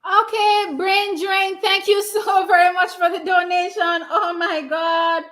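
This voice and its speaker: A Jamaican woman hosting a livestream watch party, giving emotional, excitable race commentary and casual chat. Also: extremely high pitch. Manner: emotional, excitable, quick to cheer.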